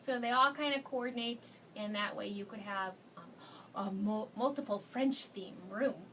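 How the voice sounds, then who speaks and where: A woman's voice: medium pitch, normal speed, a bit bright, recorded from a distance, slight background noise. A woman hosting a casual live craft demo, chatty and gushing, laughing often as she talks to viewers. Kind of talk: casual live-stream chat.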